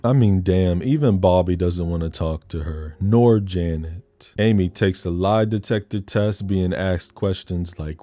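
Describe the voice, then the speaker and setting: A man's voice: on the low side, measured pace, hardly any pauses, warm tone. A man giving a casual, sassy movie recap with crude joking asides. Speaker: film recap host.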